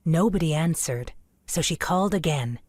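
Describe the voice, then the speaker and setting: Low-voiced woman narrating a storybook. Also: expressive, normal speed, darkish tone, no echo, clean studio sound.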